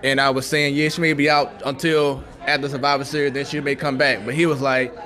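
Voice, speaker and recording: A man's voice: medium pitch, little pitch movement, fairly quick, hardly any pauses, sharp tone. A man co-hosting a sports talk show, steering the segments in a loose, casual way.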